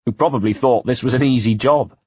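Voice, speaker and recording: A man narrating an audiobook in the first person, measured and quietly tense. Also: medium pitch, husky, no echo. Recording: dull dry home-studio sound.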